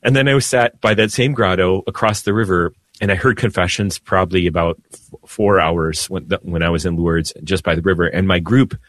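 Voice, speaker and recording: Low-voiced priest guy on radio, gets emotional telling stories, dry studio mic. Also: fairly quick, dry recording. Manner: emotional, animated storyteller with laughs. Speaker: priest guest. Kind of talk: storytelling radio conversation.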